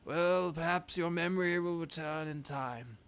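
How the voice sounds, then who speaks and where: A pompous old fish king holds court in a raised, unhurried voice, as a man puts him on. Each formal phrase is stretched out with a rhythm that sounds like a politician's. It is a video game character read aloud during a stream. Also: fairly high pitch, gravelly, a bit bright, clear, resonant tone. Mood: pleading. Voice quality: grand, drawn-out delivery with Trump-like rhythms.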